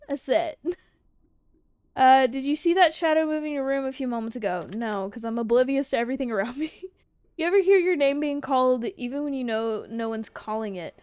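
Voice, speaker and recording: High-voiced laughing woman streamer. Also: expressive, normal speed, darkish tone, dry recording. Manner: laughs often, swears casually. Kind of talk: casual livestream chat answering viewer questions.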